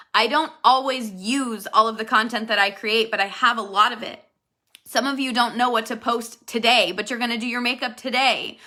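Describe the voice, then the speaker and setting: Woman, bright tone, slightly high voice, motivational team talk, earnest and direct. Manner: earnest, direct, addresses viewers as "you guys". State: emotional, near tears at times. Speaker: network marketing team leader.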